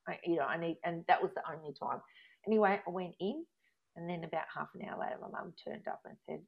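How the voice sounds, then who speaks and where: A woman, chatting casually as she tells a long personal story, rambling and growing animated when she recounts arguments. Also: lowish voice, brisk, gravelly. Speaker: guest telling a life story. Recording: dull lo-fi recording.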